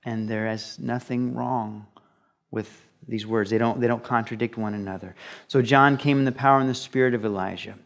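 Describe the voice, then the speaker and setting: A man's voice: medium pitch, steady tone, normal speed, vocal fry. A man preaching a conversational sermon, explaining scripture with rhetorical questions and acted-out quotes. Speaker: pastor. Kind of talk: expository sermon.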